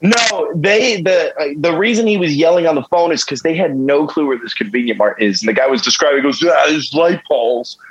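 A man in his twenties from Northeastern Pennsylvania, a band member appearing as a podcast guest, tells a rambling, self-deprecating comic story full of swearing. His voice sits a little high and slightly rough, and he talks briskly with hardly any pauses. The audio is dull.

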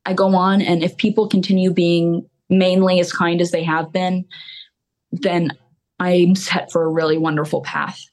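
A woman's voice: lowish voice, little pitch movement, moderate pace, darkish tone. A young woman singer-songwriter talking openly and at length as a podcast guest. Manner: open, candid, rambling with fillers. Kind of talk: casual podcast interview.

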